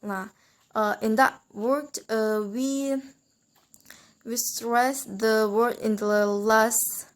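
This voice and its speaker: A young woman, a student, giving a lesson on word stress in a halting way, with many fillers and restarts. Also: a little high, steady tone. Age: young adult. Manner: slow, halting delivery with frequent fillers and restarts. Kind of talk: classroom explanation video.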